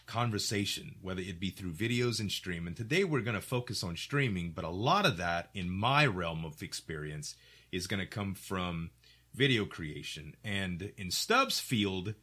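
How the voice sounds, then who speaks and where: A middle-aged man talks shop on a casual podcast, speaking in a clear, articulate way. His voice sits a little low but has a bright, forceful edge. He tells stories with energy, slipping into voices for the people he quotes. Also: expressive, normal speed. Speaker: podcast host.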